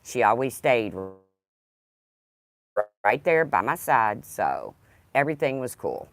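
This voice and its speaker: Woman hosting a casual livestream, low pitch with lively swings, rambling. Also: takes it slowly, dry recording. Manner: rambling, talks to her dog. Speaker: livestream host.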